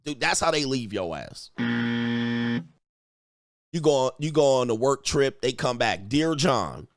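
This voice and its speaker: A man's voice: mid-range voice, expressive, a little slow, no room sound, clean studio sound. A man hosting a livestream, delivering a profane, mocking comedic rant with repeated catchphrases. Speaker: livestream host and dating coach.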